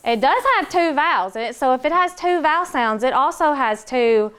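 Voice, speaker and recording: A woman teaching a classroom phonics lesson, patient and encouraging, slowing down to model words for the children. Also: sits high, lively intonation, a bit bright.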